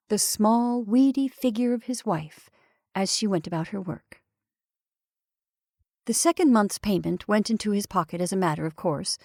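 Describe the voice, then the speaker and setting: A woman storyteller reading a short story aloud in a measured, expressive way. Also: medium pitch, no echo, clean studio sound.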